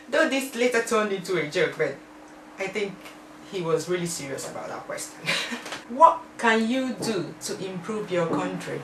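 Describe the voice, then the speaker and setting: A young Nigerian woman with a slightly low voice chats playfully through a list of questions, laughing between her answers. She sounds a little distant, and the room around her echoes. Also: background noise. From southeastern Nigeria. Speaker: vlogger. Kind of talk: casual tag video answering questions.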